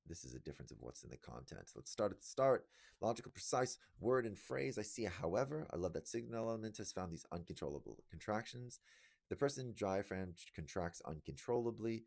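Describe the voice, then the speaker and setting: A young man tutoring test prep, thinking aloud as he works through practice questions with quick enthusiastic asides. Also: lowish voice, lively intonation, gravelly, a little mellow.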